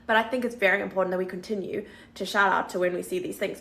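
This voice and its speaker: A woman's voice: medium pitch, fairly even intonation, fast, gravelly, a bit bright, slight background noise. A woman doing a social media rant in an exasperated, joking way. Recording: echoey room.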